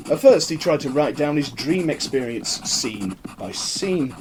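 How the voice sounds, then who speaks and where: A man reading his own horror-comedy story aloud in an expressive, wry manner. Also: medium pitch, a little hiss or hum.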